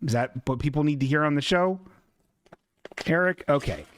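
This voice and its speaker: A man's voice: a little high, moderate pace, no room sound. A man hosting a comedic live-stream show who talks in a rambling, flustered, jokey way. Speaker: host.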